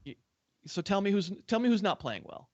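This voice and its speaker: A man's voice: high voice, very animated, fairly quick, darkish tone, dull audio. A man hosting a casual fantasy football podcast, teasing his co-host with prodding questions. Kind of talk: casual sports podcast chat.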